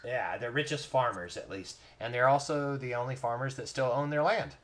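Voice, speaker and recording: A man's voice: mid-range voice, normal speed. Laughing game master man. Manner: laughs often, teasing and animated. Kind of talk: running a tabletop game.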